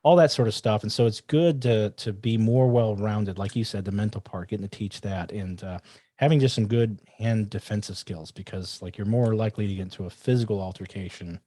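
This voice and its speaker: A man's voice: on the low side, fairly quick, no echo. A man hosting a podcast, chatting casually and asking follow-up questions. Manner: relaxed, chatty, asks follow-ups. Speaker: podcast host. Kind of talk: casual chat.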